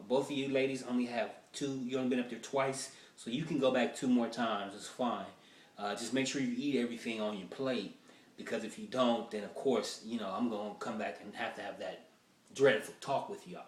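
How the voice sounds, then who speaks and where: A man's voice: mid-range voice, steady tone, moderate pace, natural voice. A man voicing a strict male buffet manager who lectures his customers in a stern way. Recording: roomy echo, mic far off.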